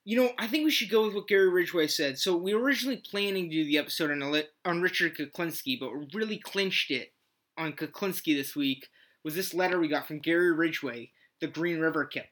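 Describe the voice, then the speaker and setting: Bright-toned, rambling comedy podcast host. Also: male voice, fairly high pitch, brisk. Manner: loose, rambling, many "uh" and "um". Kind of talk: casual comedy podcast hosting.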